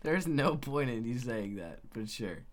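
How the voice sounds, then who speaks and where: A man's voice: medium pitch, lively intonation, measured pace, crowd noise. A young man co-hosting a podcast in casual chat, teasing and dismissive. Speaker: podcast co-host.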